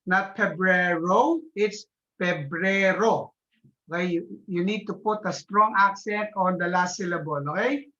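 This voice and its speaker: A man's voice: high voice, normal speed, few pauses, pushed and bright. A man teaching an online language class, patiently drilling pronunciation and repeating each answer back. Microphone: video call. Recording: dull lo-fi video call audio.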